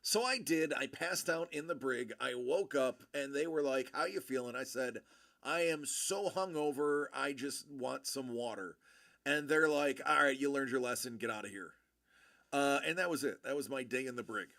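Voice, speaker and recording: A man in his thirties telling a story in casual chat, acting out the people in it with animated voices. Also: mid-range voice, normal speed, vocal fry, dry recording, clean studio sound. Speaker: show host telling a story.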